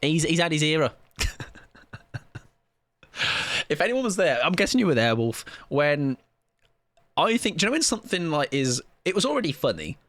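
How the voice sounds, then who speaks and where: A man's voice: on the high side, very animated, normal speed, pauses often, a bit bright, no room sound. A man chatting casually on a live game stream, joking and rambling with plenty of self-mockery. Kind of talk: live gaming stream chat.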